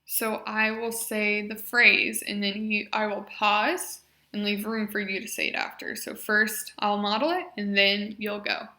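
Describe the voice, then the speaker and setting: A young woman leading a speech exercise class, encouraging and modeling loud, drawn-out vowels and short phrases. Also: medium pitch, flat delivery, echoey room. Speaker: speech therapy exercise leader.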